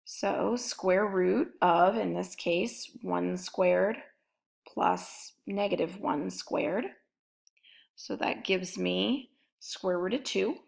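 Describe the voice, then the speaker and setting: A woman teaching a math lesson in a recorded lecture, working through each calculation aloud as she writes it. Her voice sits a little low and carries a noticeable gravelly fry. She speaks at an unhurried, deliberate pace. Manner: methodical, talks through each step while writing. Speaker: math instructor.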